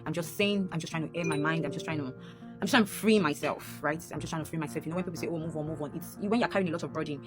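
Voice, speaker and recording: A young Nigerian woman races through an emotional personal story in a fairly low voice. She repeats lines and jumps up in pitch when frustrated. Music plays clearly underneath her. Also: very fast. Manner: animated, rising sharply when upset, repeating lines.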